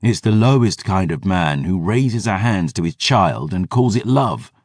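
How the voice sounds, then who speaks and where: A man voicing a wrathful, weary veteran warrior who speaks in a gruff, growling way. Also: low voice, lively intonation, a little slow, no echo, studio quality. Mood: bitter.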